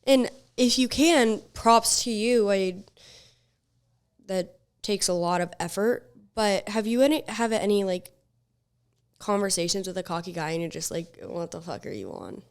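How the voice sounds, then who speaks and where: A woman's voice: mid-range voice, unhurried, clean tone. A young woman hosting a podcast in casual chat, blunt and swearing freely as she tells stories. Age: young adult. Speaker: podcast host.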